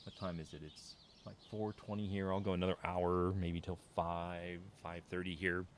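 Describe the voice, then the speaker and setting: A man's voice: level tone, normal speed, slight background noise. A man streaming a farming game, chatting casually and thinking aloud to his viewers. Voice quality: low voice. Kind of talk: casual gameplay commentary.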